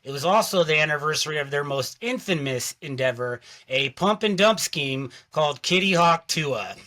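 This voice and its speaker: A male comic with a slightly high, bright voice. He hesitates at first, then reads his joke in a plain deadpan way. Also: moderate pace. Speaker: comedian guest. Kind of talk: reading monologue jokes.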